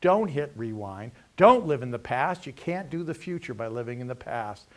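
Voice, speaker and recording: Energetic man with lively pitch. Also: moderate pace. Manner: energetic, lively, acts out dialogues; punchy motivational sayings. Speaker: veterans' employment representative. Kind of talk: career workshop talk.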